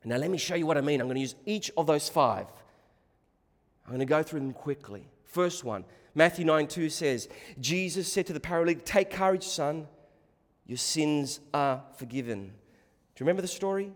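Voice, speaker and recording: A man preaching a sermon, swinging from hushed, slow passages to loud, emphatic ones. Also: a little high. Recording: long hall reverb.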